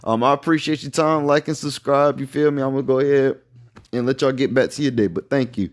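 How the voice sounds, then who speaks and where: A man's voice: medium pitch, fairly even intonation, a little fast. A man casually talking through a fan theory, loose and chatty with lots of fillers. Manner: loose and chatty, many fillers, keeps saying "you feel me". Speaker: YouTuber explaining a fan theory. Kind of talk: casual explanatory monologue.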